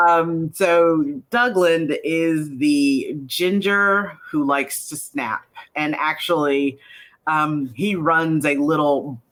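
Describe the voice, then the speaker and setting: A woman who created an animated series, chatting casually in an interview about her cast with many fillers. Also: sits low, extremely slow. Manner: chatty, many fillers, acts out quotes in lively voices.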